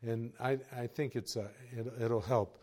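A pastor preaches a sermon, telling folksy stories with chuckles and shifting from quiet asides to raised exhortation. His voice is medium-pitched and steady in tone, delivered a little slowly.

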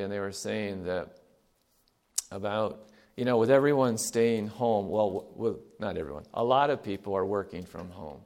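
A man's voice: on the low side, gravelly. Man, middle-aged, preacher, sermon, emphatic, repetitive, call-and-response. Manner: earnest, emphatic, repeats key phrases, varies loudness widely.

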